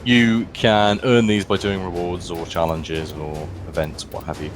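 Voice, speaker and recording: A man's voice: low voice, steady tone, measured pace, soft background music. A man co-hosting a gaming livestream, explaining the game in a chatty, casual way. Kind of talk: casual gaming stream chat.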